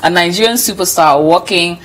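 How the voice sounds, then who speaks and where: A woman's voice: on the low side, fairly quick, low-quality recording. A woman co-hosting a TV entertainment show, chatting casually and reading out comments with frequent laughter. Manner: animated, laughs often, reads comments aloud. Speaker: TV show co-host.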